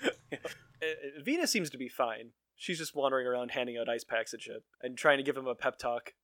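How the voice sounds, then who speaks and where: Bright, dry-sounding man chatting wryly. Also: medium pitch, lively intonation, fairly quick, dry recording. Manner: wry, swears casually, laughs often. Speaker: podcast co-host. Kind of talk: casual chat.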